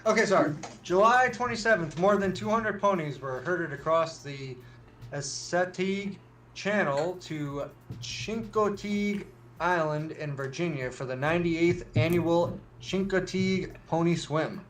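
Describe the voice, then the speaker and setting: A man reads odd news items on a relaxed show, restarting when he trips over words. His voice sits a bit high. A faint room ambience hangs in the background. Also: a little slow, a little hiss or hum. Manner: reads articles, stumbles and restarts, jokey asides. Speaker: news segment reader. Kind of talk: casual news read on a podcast.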